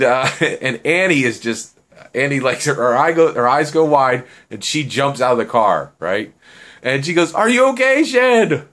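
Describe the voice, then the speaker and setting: Chatty storyteller man, lively voice. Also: medium pitch. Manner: chatty, full of fillers and "right?". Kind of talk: casual improvised storytelling.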